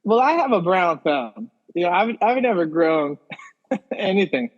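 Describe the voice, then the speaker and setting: A man's voice: high-pitched, big pitch swings, a little slow, lo-fi sound. Playful man co-hosting a podcast. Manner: playful, laughing, storytelling. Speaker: podcast co-host. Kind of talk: casual comedic chat.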